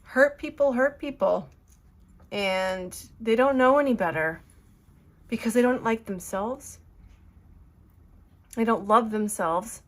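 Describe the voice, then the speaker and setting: A woman's voice: a little high, slow pace, long pauses. A woman giving an earnest, emotional tarot reading, rambling with fillers as she talks to her viewers. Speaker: tarot reader.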